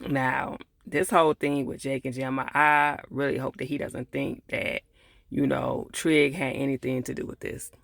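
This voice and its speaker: A man's voice: medium pitch, level tone, normal speed, vocal fry, a bit bright, dry recording, clean studio sound. A man giving a casual, rambling recap of a TV episode, acting out the characters' lines and dropping fillers like "or whatever.". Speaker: TV reviewer.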